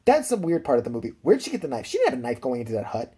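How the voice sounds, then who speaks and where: A man's voice: mid-range voice, huge pitch swings, racing, dark tone, slightly rough. A man recapping a film in a rambling, profane, casual way with laughing asides. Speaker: film reviewer.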